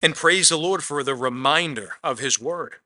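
Very bright-voiced male preacher. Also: a little high, moderate pace. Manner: conversational preaching, often says "man"; swings between loud emphatic lines and soft quiet asides. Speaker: pastor. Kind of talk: sermon.

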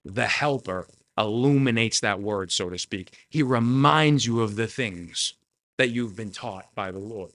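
A man preaching a sermon with earnest, emotional delivery, swinging between raised storytelling and quiet emphasis. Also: on the low side, measured pace. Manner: earnest, emotional, tearful at moments.

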